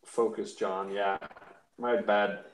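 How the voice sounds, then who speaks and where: A man's voice: fairly low pitch, little pitch movement, slow pace. A man co-hosting a live comic auction, chatting in a joking, rambling, self-deprecating way. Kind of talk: casual live-stream chat. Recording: roomy echo.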